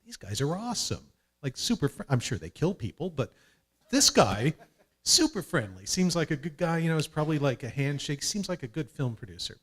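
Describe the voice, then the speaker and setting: Lively Canadian man telling a story. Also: a little high, a little fast, breathy edge. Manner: lively, self-mocking, acts out quoted dialogue. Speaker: panelist, film producer. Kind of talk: anecdotal storytelling on a panel. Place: conference panel.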